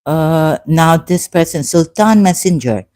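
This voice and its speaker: A woman YouTuber giving live-stream commentary on her chat. She speaks haltingly with many fillers and an indignant edge. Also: low voice, animated, darkish tone.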